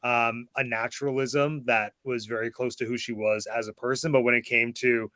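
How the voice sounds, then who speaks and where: A man's voice: mid-range voice, flat delivery, moderate pace, bright, forceful tone, no room sound. A man co-hosting a casual film chat, giving articulate, reflective opinions in full sentences. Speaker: co-host.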